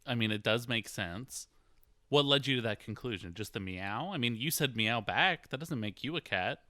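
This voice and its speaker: A man's voice: mid-range voice, lively intonation, sharp tone, dry recording, studio quality. A man co-hosting a podcast, cutting in with teasing questions in casual comedic banter. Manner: teasing, quick interjecting questions. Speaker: podcast co-host.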